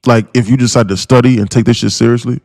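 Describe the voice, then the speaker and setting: A day-trading streamer with a creaky, slightly mellow medium-pitched voice talks at a quick pace with fairly even intonation on a dry recording. He rants bluntly and repetitively at viewers, swearing freely, calling them guys and bro, and coming across as pushy.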